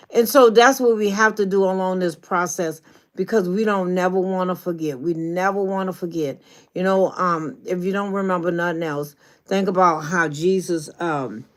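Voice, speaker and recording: Folksy woman. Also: fairly low pitch. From New Orleans. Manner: folksy, preachy, encouraging. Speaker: YouTube coach. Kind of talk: casual livestream talk.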